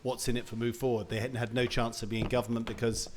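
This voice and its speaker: A man moderating a panel discussion, talking in a relaxed, halting way with fillers. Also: medium pitch, noisy background.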